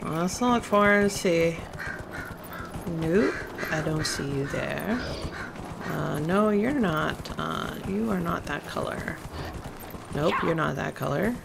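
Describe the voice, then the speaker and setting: A woman's voice: fairly low pitch, animated, takes it slowly, creaky, heavy background noise. A woman giving casual, chatty commentary while playing a video game, talking to the game characters. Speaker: let's play gamer.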